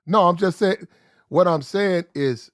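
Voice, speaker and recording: A man delivers opinionated commentary in a blunt, slang-heavy way and circles back to repeat his points. His voice sits a little high for a man. The recording is close and dry, with no room sound. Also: unhurried, dry recording. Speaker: commentary show host.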